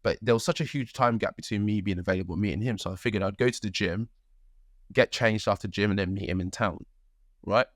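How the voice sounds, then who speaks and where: A young man co-hosting a podcast, his voice sitting a little low and recorded dry and close, with no room sound. He talks earnestly and rambles through his stories, leaning on "like" and checking in with "right?". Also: fast talker, dry recording. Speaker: podcast co-host. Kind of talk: casual conversational storytelling.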